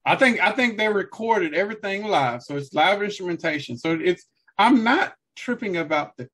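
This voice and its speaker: A husky-voiced man talking casually on a podcast, his pitch swinging up and down as he reacts. He laughs easily and drops loose slang while giving his opinions. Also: animated, normal speed, fairly bright tone. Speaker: podcast co-host. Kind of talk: casual music review chat.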